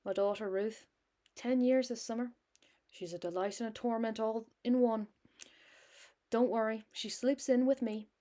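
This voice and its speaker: A woman's voice: fairly high pitch, fairly even intonation, normal speed, pauses often, mellow, close to an everyday voice. A woman voicing a talkative, motherly middle-aged landlady in a hammy Irish accent.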